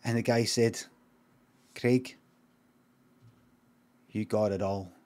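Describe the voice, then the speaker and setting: A middle-aged man with a Scottish accent spins an improvised comic yarn. His delivery is deadpan and meandering, full of casual swearing and sudden tangents. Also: on the low side, slow pace. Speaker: streamer.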